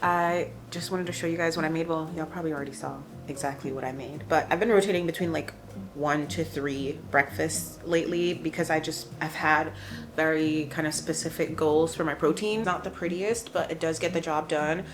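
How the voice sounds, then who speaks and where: A woman's voice: sits low, steady tone, brisk, background noise. A young woman chatting casually to camera as a lifestyle vlogger, rambling along with lots of "like" from her couch at home. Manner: chatty and rambling, heavy use of "like". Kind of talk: casual vlog chat to camera.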